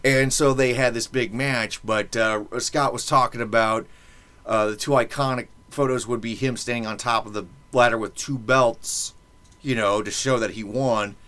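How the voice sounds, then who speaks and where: A man's voice: mid-range voice, fairly even intonation, normal speed, sharp tone. A man hosting a podcast in casual chat, rambling and joking with many fillers. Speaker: podcast host.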